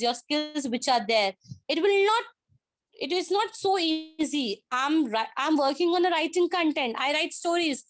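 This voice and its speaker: A high-pitched woman with an Indian English accent delivers a workshop talk on a video call. She keeps her wording simple and stresses each point with repetition. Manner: simple wording, emphatic, repeats key phrases. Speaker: presenter in an online workshop. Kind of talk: speaking-skills presentation.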